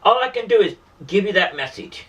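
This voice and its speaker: A man's voice: high voice, expressive, fairly quick, fairly bright tone, distant mic, lo-fi sound. A man delivering an emotional, pleading monologue about faith and the meaning of life, repeating himself often. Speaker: self-styled spiritual messenger.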